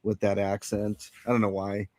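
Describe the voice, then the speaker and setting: A man's voice: lowish voice, flat delivery, normal speed, mellow, no echo. A man hosting a casual livestream chat, greeting viewers and rambling with many fillers and restarts. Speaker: livestream host.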